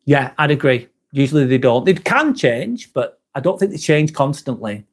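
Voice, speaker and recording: A man's voice: mid-range voice, animated, moderate pace. A man hosting a live stream, chatting casually, reading viewer comments aloud and swearing now and then.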